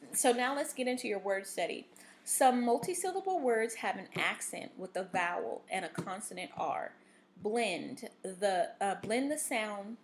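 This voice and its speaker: A woman's voice: mid-range voice, a little hiss or hum. A woman teaching a reading lesson to young students, giving patient instructions full of fillers and "okay?" checks.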